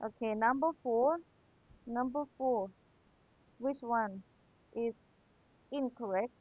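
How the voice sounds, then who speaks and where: Slow, patient young woman teacher whose first language is Thai, reviewing for an exam on a tinny, phone-like recording. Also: fairly high pitch. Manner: patient, repeats key points, checks with rhetorical questions. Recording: tinny phone-like sound, dry.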